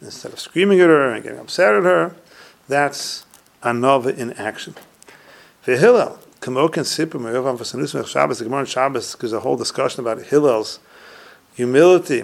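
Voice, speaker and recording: Male Torah teacher, gravelly mid-range voice, retells Talmud stories and often trails off quietly. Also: mid-range voice, fairly quick. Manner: retells Talmud stories, reciting Hebrew and Aramaic phrases and then translating. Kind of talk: recorded Torah class on humility.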